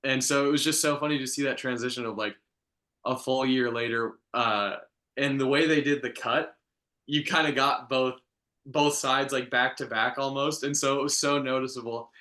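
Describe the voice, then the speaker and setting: A man's voice: medium pitch, fairly even intonation, normal speed, pushed and bright. A man co-hosting a podcast, chatting casually in a rambling way full of fillers and chuckles. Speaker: podcast co-host. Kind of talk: casual review chat.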